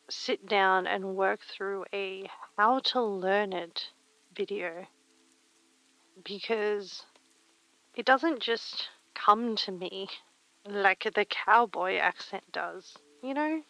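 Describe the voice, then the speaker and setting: A woman streamer chatting casually while she sews, reading chat aloud and muttering soft whispers to herself. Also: mid-range voice, takes it slowly, pauses often, no room sound, rough recording. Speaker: live streamer.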